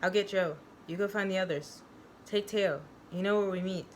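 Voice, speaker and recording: A calm, tender mother speaking softly and reassuringly, as a woman reads her part. Her pitch sits in the middle range. A faint hum sits underneath. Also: normal speed, lightly acted, poor audio.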